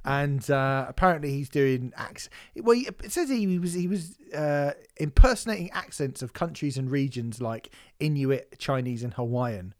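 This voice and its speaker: A man's voice: mid-range voice, moderate pace, few pauses, darkish tone. A man, co-hosting a podcast in casual chat, rambling and laughing often. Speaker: podcast co-host.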